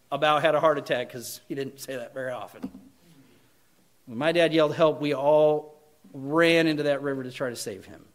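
A man with a fairly high voice, preaching a sermon from the pulpit. He drives his points home with loud emphasis, then drops to a quiet, earnest appeal. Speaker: pastor.

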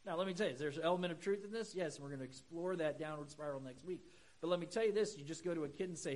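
Man preaching, middle-aged, conversational with humorous asides, slightly high voice. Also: fast talker, rough recording. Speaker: pastor. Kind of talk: sermon.

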